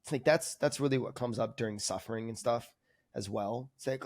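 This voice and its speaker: A man's voice: mid-range voice, brisk, a little mellow, no echo, clean studio sound. A man speaking as a guest on a coaching podcast, candid and rambling, full of filler words and restarts. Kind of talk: candid conversational reflection. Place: lives in Argentina, remote podcast.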